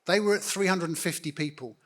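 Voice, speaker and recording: Earnest man, higher-pitched voice. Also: a little fast, fairly bright tone. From United Kingdom. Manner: earnest, direct, appealing to the audience. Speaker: guest church network leader. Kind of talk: on-stage interview speaking to a congregation.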